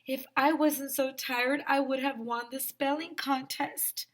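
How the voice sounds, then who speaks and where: A woman voicing an anxious, eager young female bee who pleads a little breathlessly, her voice pitched higher than her own. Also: fairly even intonation, a little slow, a bit bright. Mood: regretful.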